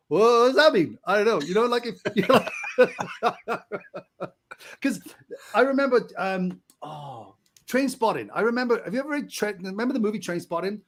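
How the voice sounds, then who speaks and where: A man with a Barnsley accent from Yorkshire, co-hosting a podcast in casual chat, telling animated stories with frequent laughs and stumbles. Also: high-pitched, moderate pace, long pauses, a little hiss or hum. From England. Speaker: podcast co-host.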